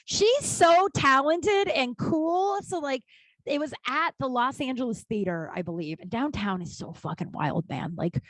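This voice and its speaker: A woman's voice: medium pitch, dry recording. A woman in her thirties hosting a podcast, telling a casual story with lots of swearing, acting out the people she quotes. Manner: animated, profane, acts out quoted people. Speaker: podcast host.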